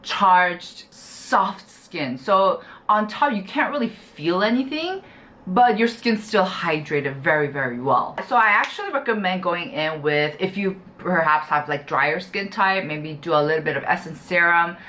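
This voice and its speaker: A woman's voice: on the low side, animated, a little slow, bright, forceful tone. A young woman chatting casually to camera as she reviews skincare products, gushing and full of "you know" and "like". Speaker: beauty YouTuber.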